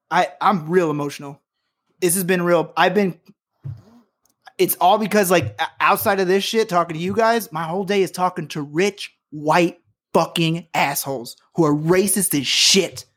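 Husky woman ranting angrily. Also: lowish voice. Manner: angry, profane, emotional rant. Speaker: podcast co-host. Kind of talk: heated casual chat.

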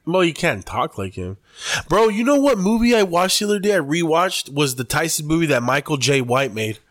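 A man's voice: on the high side, very animated, a little fast, no echo. Laid-back slangy podcast guy, dry sound. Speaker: podcast co-host. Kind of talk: casual chat.

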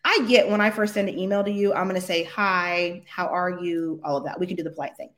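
A middle-aged American woman telling a story in an interview, animated and laughing often as she acts out quotes. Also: fairly low pitch, a little fast. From United States. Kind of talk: casual storytelling.

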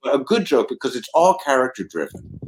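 A man's voice: medium pitch, brisk. An older man, a comedy writer, casually telling anecdotes, laughing often and acting out quotes. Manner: animated storyteller, laughs often, acts out quotes.

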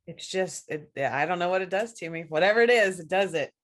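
A woman's voice: lowish voice, fairly quick. A woman co-hosting a casual podcast chat, talking frankly and laughing often. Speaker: podcast co-host.

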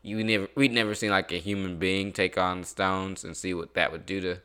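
Young man, casual chat, bright clear voice, relaxed, laughs a lot. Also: deep voice, brisk. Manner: relaxed, laughs often, swears.

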